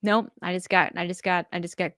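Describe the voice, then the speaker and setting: A woman's voice: lowish voice, flat delivery, brisk, a bit bright, no room sound, studio quality. A young woman co-hosting a podcast in casual, jokey chat, laughing often. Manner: giggly, jokey. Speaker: podcast co-host.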